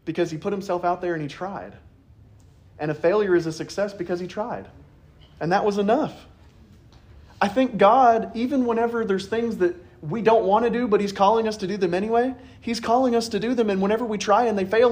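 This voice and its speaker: A man's voice: high voice, fairly quick, darkish tone. Conversational male preacher, storytelling. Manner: conversational storytelling, acts out quoted voices. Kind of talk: sermon.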